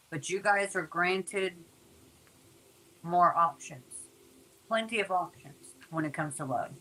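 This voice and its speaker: A woman's voice: mid-range voice, sharp tone, poor audio. A woman giving a casual, chatty tarot reading to her viewers, talking informally and repeating herself. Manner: chatty, informal, repeats words, uses "y'all". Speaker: tarot reader.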